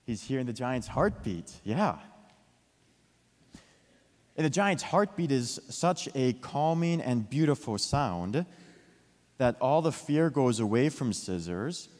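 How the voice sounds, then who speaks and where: Man, storyteller, children's tale, mid-pitched voice, questions to listeners, long hall echo. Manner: lively, asks the listeners questions.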